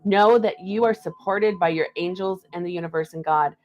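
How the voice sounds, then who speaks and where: A woman's voice: fairly low pitch, normal speed, a little mellow, muffled recording. Chatty woman giving a live card reading. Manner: chatty, laughs often, reads messages aloud. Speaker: card reader.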